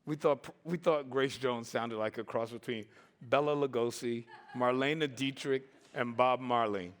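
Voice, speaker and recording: A man in his sixties telling stories on a conference stage in a lively way, acting out the voices and laughing often. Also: medium pitch, measured pace. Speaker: conference speaker. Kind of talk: storytelling talk.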